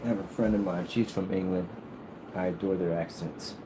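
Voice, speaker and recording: A man from the United States talking casually to his vlog audience, rambling and repeating himself, sometimes drawing words out slowly. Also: low-pitched, fairly even intonation, noisy background. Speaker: vlogger.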